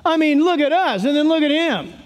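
A man's voice: very high voice, expressive, brisk, long reverb tail, pitched above the performer's own voice. A preacher voicing a group of whining, self-righteous male Pharisees in a mocking tone. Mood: mocking whine. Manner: mocking, incredulous whine.

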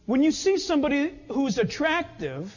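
A high, lively male voice preaching a sermon, swinging his pitch widely as he tells stories and laughs along. The sound is dull and carries a long echo, as in a big church hall. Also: normal speed. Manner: animated storytelling, often laughing. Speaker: pastor.

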